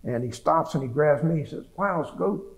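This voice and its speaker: This is a fairly quick, somewhat high-pitched male voice on a low-quality recording. The speaker, a veteran in his seventies, recounts his life plainly for an oral history interview, with frequent restarts and repeated words.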